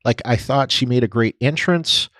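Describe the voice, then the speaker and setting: A man's voice: mid-range voice, normal speed, a bit bright, no room sound. A man co-hosting a podcast in casual chat, rambling and hesitant with many restarts. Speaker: podcast co-host.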